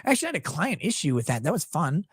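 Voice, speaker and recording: A man hosting a livestream as a lawyer, telling a client anecdote in a crude, sarcastic, animated way. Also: fairly high pitch, very fast, husky, no room sound, clean studio sound. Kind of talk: casual livestream storytelling.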